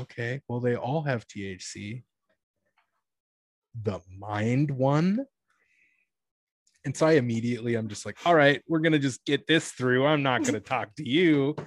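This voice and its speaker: A young man in his twenties tells stories from his cashier job in loose, casual chat. He leans on fillers and restarts, and he jumps into a higher pitch whenever he acts out a customer. His voice sits at an ordinary male pitch and is recorded close and dry. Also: a little mellow, dry recording. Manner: rambling, many "like" fillers and self-corrections. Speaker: podcast guest telling work stories; retail cashier.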